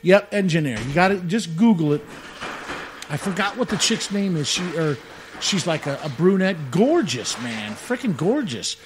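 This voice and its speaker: This man co-hosts a radio show, his high voice very animated at a normal speed over some background noise. He rambles and jokes through casual chat, saying "man" a lot.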